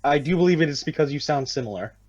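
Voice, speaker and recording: An American man on a podcast, swearing freely and playing up his outrage. His voice sits fairly high and leaps around a lot. The audio is dull and lo-fi. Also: lively intonation, fast talker, darkish tone. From United States. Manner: profane, blunt, mock-outraged. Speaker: podcast co-host. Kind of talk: casual podcast chat.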